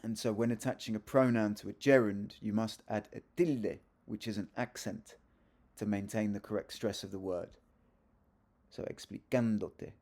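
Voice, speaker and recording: A man's voice: lowish voice, steady tone, moderate pace, a little mellow. A man teaching a video grammar lesson, chatty and self-correcting, with joking asides as he explains. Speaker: Spanish teacher.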